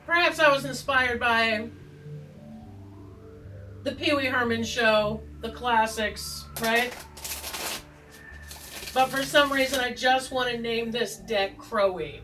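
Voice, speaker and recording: A woman's voice: on the high side, a bit bright, recorded from a distance, slight background noise, rough recording. A woman hosting a tarot video, chatting in a rambling, joking, self-deprecating way with plenty of asides. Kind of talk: rambling casual chat. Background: faint background music.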